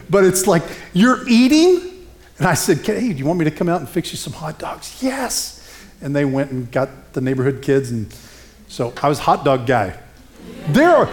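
A middle-aged male pastor preaching a sermon, telling stories in an animated, conversational way. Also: a little high.

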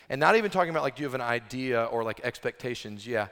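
A man's voice: medium pitch, fast talker, hardly any pauses, fairly bright tone. A man preaching a sermon as pastor, in a conversational way full of "like" and restarts. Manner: conversational, lots of "like" fillers and restarts. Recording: long reverb of a large hall.

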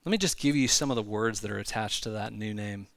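A man preaching a sermon in a church, talking conversationally with frequent asides and quick restarts. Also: on the low side, gravelly, dry recording, clean studio sound. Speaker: pastor. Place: church sanctuary.

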